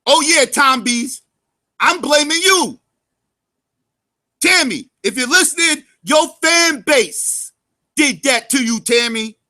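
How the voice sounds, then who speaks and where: A man telling a story as a commentator, cursing heavily, calling his viewers family, and swinging between loud outbursts and low mutters. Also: animated, takes it slowly, long pauses. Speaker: YouTube commentator.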